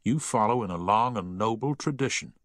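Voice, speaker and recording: A man doing a gentle, firm boy prefect. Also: lowish voice, fairly quick, dry recording, studio quality, voice pushed up, lightly acted. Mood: kind. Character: kind, steady senior schoolboy prefect.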